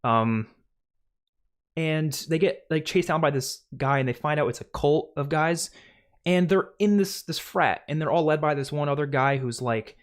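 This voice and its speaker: A young man with a slightly higher voice hosts a livestream and rants in a loose, casual way. He sounds exasperated, leans on "like" constantly and keeps restarting his sentences. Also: normal speed. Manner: heavy use of "like", exasperated, restarts often. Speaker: livestream host. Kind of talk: casual ranting commentary.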